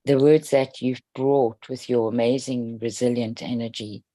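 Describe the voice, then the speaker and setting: A woman reading a heartfelt note to a group in a gentle, earnest way. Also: extremely low pitch, steady tone, measured pace, no echo. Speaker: group participant.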